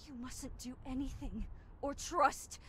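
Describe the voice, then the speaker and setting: An actress playing a woman urgently warning her friend of danger in a horror game, tense and hushed. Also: sits high, measured pace, slight background noise. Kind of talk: scripted game voice acting.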